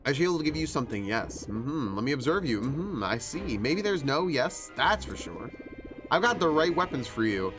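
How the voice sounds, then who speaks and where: A man voicing a calm male prophet who keeps a shrine in a game, reading the lines in a measured way. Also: medium pitch, over music, natural voice.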